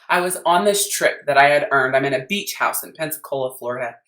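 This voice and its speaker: A woman's voice: low-pitched, a bit bright, reverberant. A woman business coach with an American accent telling a story in a blunt, emphatic podcast rant, swearing freely.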